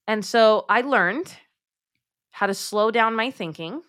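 Bright, emphatic woman coaching moms. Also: fairly high pitch, slow pace. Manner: emphatic, direct, addresses listeners as "my friends"; acts out quoted thoughts in lively voices. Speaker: guest, mom coach. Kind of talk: podcast interview.

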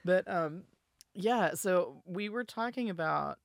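A woman's voice: lowish voice, lively intonation, slow, creaky, no echo, studio quality. A woman in her forties from the American South, a podcast guest telling a long story in a chatty way, full of restarts and asides. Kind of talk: casual chat.

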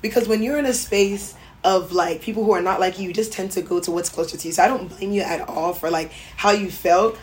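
A young adult woman co-hosting a podcast, telling stories in an animated, chatty way. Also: medium pitch, a little fast, few pauses. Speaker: podcast co-host. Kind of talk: casual chat.

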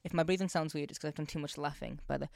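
A woman's voice: deep voice, steady tone, racing, vocal fry, darkish tone, no room sound, studio quality. A woman co-hosting a podcast in casual chat, often laughing and mimicking scenes. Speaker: podcast co-host.

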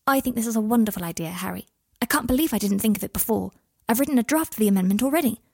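A woman voicing a clever, organised young witch in a storybook reading, speaking quickly and precisely with eager energy. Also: a little high, expressive, gravelly, husky, no echo, studio quality, heavily acted.

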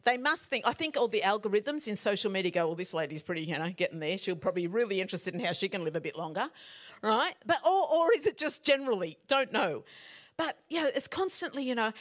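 Lively, chatty woman preacher. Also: mid-range voice, fast. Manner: animated, conversational, asks the audience questions. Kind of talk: sermon.

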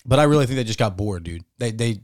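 Guy co-hosting a sports podcast, cursing a lot, talks fast and punchy. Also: mid-range voice, no room sound, studio quality. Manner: profane, animated, emphatic. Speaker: podcast co-host. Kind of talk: casual sports chat.

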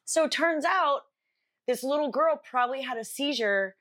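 A woman's voice: high-pitched, animated, moderate pace, fairly bright tone. A young woman co-hosting a podcast, telling a story in a rambling, casual way, full of fillers and swearing. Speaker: podcast co-host. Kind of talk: casual chat.

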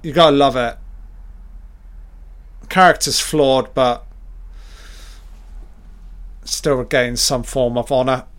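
A man doing a live film reaction commentary, excitable and swearing constantly as he blurts out reactions. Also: mid-range voice, slow, long pauses.

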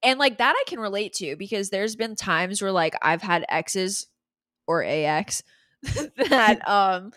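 A young woman co-hosting a casual podcast recap, animated and swearing freely. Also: mid-range voice, a little slow, dry recording. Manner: animated, swearing, bursts of laughter. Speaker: podcast co-host.

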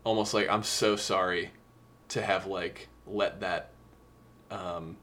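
Low-voiced man discussing songs. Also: fairly even intonation, slow, fairly bright tone. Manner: emotional, earnest, quotes lyrics at length. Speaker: podcast co-host. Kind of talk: casual music review chat.

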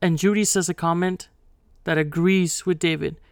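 Young guy podcasting, kinda high and gravelly, dry close mic, keeps restarting his sentences. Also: steady tone, moderate pace, no room sound. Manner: hesitant, restarts often, laughs it off. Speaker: podcast co-host. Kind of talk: heated casual discussion.

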